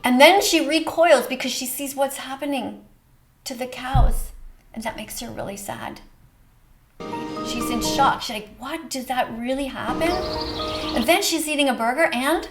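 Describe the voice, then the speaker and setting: A woman hosts a reaction video to a short film, speaking earnestly and emotionally with a preachy tone. Her voice sits high, at normal speed, with music playing underneath.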